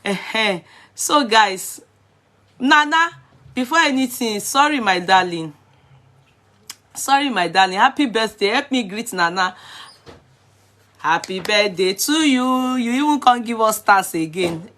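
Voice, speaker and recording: A woman's voice: mid-range voice, lively intonation, unhurried, fairly bright tone. A middle-aged woman, chatting casually on a live stream, greeting viewers by name and slipping into Yoruba.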